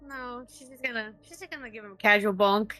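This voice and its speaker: A woman's voice: a little high, fast, pushed and bright. A woman taking her turn as a player in a tabletop game, laid-back and hesitant with filler sounds. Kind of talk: casual tabletop play.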